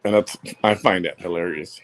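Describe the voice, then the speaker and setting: A man's voice: low voice, normal speed. A man from Chicago, hosting a solo audio show, talking bluntly and heatedly, repeating himself for emphasis. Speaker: podcast host.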